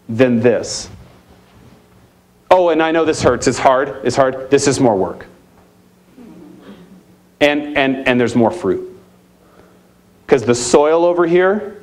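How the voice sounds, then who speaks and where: A man giving a live keynote talk at a conference, energetic and emphatic, firing off challenging rhetorical questions. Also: mid-range voice. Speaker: keynote speaker at a youth ministry conference. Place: conference center hall.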